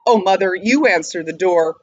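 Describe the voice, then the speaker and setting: A woman's voice: fairly low pitch, moderate pace, darkish tone, dry recording, dull audio, pitched above the performer's own voice, lightly acted. A woman reading the lines of a shy, fearful young daughter in a timid, pleading way.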